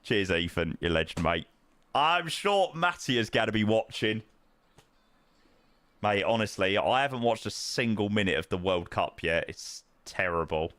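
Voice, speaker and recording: A man's voice: on the low side, animated, normal speed, a bit bright, no room sound. Chatty man streaming. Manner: chatty, matey banter with frequent fillers. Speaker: flight sim streamer. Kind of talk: casual live-stream chat, answering viewers.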